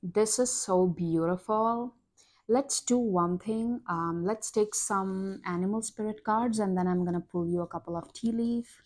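A young woman giving a collective tarot reading, talking to viewers in an excitable way that is full of exclamations. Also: medium pitch, a little slow. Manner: excitable, exclaiming, breathy gasps and laughs. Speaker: tarot reader.

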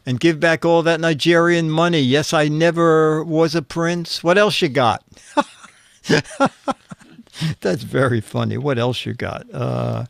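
A male host reading viewer jokes on a casual streamed show, slow and fumbling as he hunts through his papers and chuckles along. His voice sits a bit high for a man and he takes his time. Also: steady tone, vocal fry, dry recording.

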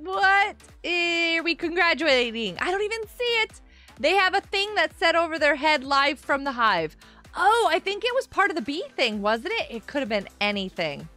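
A woman hosting a casual gaming live stream, chatting with viewers in a bubbly, animated way with gasps and laughs. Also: very high voice, moderate pace, soft background music. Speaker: livestream host.

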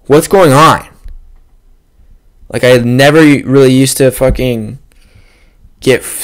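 A young man hosting a solo podcast, rambling and joking with lots of profanity. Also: mid-range voice. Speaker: podcast host. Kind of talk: casual solo podcast rant. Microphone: podcast microphone.

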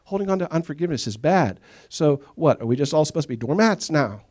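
Animated pastor preaching with folksy humor. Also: male voice, a little high, fast talker. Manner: animated storytelling, acts out quoted voices. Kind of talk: sermon. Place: church sanctuary.

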